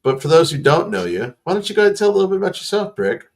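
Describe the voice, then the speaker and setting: A man's voice: high voice, big pitch swings, racing. A man hosting a live stream, introducing guests in a loose, chatty way. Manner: chatty, informal, loose filler-heavy introductions. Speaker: host.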